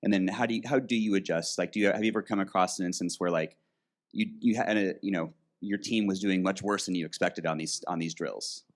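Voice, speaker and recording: A man in the audience asking a question in a casual, halting way, with many restarts and "like" fillers. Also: low-pitched.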